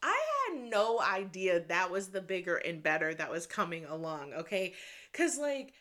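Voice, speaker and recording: A woman from Michigan, hosting a podcast, telling a personal story in an excitable, casual way, with lots of "like" and some swearing. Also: fairly low pitch, normal speed. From Michigan, USA. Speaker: podcast host.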